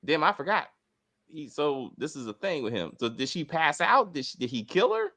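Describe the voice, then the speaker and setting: Animated, expressive middle-aged man. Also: a little high, moderate pace. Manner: animated, profane and rambling. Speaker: TV review host. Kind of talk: casual review chat.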